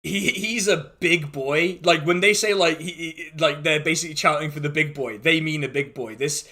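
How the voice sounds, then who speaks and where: Bright-voiced male game master. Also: on the high side, normal speed. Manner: rambling, amused, stumbling restarts. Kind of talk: narrating a tabletop game.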